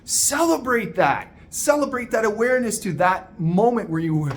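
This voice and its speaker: Male life coach, high-ish voice, punchy motivational delivery, faint background noise. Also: moderate pace. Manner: energetic, emphatic, addresses listener as "my man". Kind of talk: motivational monologue.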